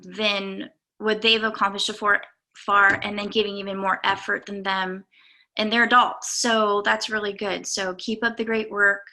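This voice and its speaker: A young woman coach speaks to her students in a slow, unhurried way, often pausing on fillers. Her voice is bright and carries a gravelly fry. She sounds earnest and sincere. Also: medium pitch. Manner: halting, many fillers, earnest and emotional. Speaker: golf coach. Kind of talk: speech to students.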